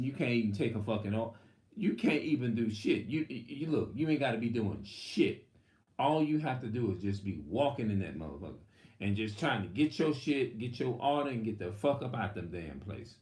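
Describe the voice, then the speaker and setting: A man's voice: medium pitch, darkish tone, echoey room. A man preaching in a rambling, heated, profane monologue. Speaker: religious video host.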